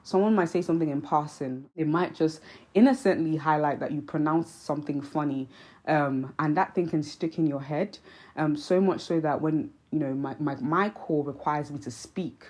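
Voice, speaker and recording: A young woman from Nigeria with a Nigerian accent shaded by British speech, hosting her own vlog. She speaks earnestly and reflectively, pausing with frequent ums. Her voice sits low and mellow. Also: low-quality recording. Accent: Nigerian with British influence. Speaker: vlog host. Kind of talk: casual commentary to camera.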